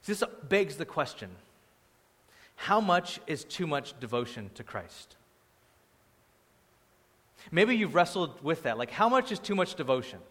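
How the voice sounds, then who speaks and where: Pastor guy preaching, lively and kinda high voice, acts out the voices, big echo in the hall. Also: a little slow, pauses often. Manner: animated, acts out quoted voices, swings between loud and quiet. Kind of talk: sermon. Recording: long hall reverb.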